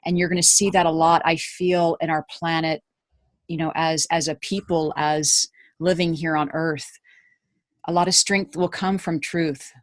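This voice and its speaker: A woman's voice: low voice, little pitch movement, a little slow, dry recording. A woman on an online group call, speaking in an earnest, encouraging way. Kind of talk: casual talk. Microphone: video call.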